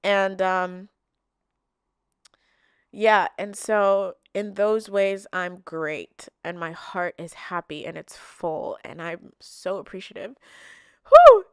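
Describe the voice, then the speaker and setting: A woman's voice: lowish voice, flat delivery, takes it slowly, smooth, no room sound, clean studio sound. A young woman chatting casually to camera, answering viewer questions in an open, emotional way with lots of filler words. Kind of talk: casual heartfelt chat to camera.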